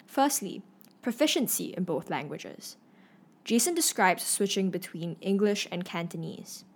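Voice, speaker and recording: A woman reading scripted informative narration clearly. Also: lowish voice, sing-song, measured pace.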